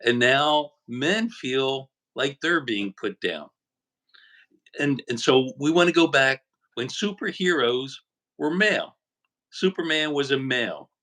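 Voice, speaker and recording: A man speaking as a guest in a political chat, measured and a little hesitant. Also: mid-range voice, pushed and bright, poor audio. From United States. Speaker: guest commentator.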